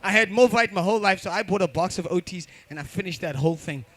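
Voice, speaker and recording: A man's voice: sits high, fast talker, fairly bright tone, no room sound. A man hosting a comedy show, teasing and swearing at the crowd from a bar stage. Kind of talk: stand-up crowd work.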